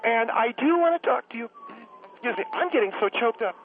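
A man's voice: very high-pitched, a little fast, faint music behind, pitched above the performer's own voice. A man voicing a fawning, rambling middle-aged woman caller who gets choked up easily. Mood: gushing. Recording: tinny phone line.

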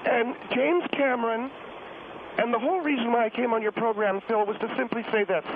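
Man putting on a very high-voiced indignant woman caller, defensive, muddled with numbers, tinny noisy phone line. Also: brisk. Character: prickly, touchy middle-aged woman caller.

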